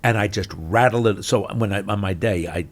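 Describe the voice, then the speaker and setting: An older man, an actor being interviewed, telling anecdotes in an expressive way, swinging between loud and soft. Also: fairly low pitch, brisk. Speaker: actor, podcast guest. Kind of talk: animated anecdotal storytelling.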